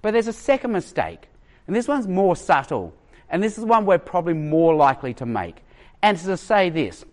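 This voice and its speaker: Aussie guy preaching, high voice, super lively, does little voices for quotes. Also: moderate pace. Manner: animated, acts out quoted voices. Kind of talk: sermon.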